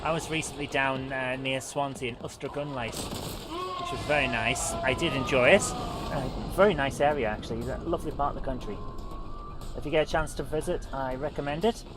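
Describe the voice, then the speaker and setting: Speaking briskly in a bass voice with background noise around her, a woman runs a live gaming stream. She chats in a rambling, self-mocking way, commenting on gameplay and welcoming viewers.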